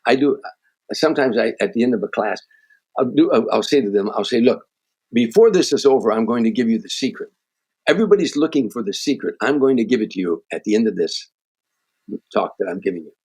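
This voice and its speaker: Appearing as a guest comedian on a podcast, a man tells stories and offers earnest motivational advice, frequently restarting his sentences. He's animated and fairly quick, with a medium-pitched, slightly mellow and slightly rough voice.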